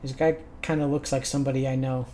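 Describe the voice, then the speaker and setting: A man's voice: medium pitch, flat delivery, fast, mellow, a little hiss or hum. A man streaming a video game, chatting casually and jokingly while swearing freely. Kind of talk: gaming livestream commentary.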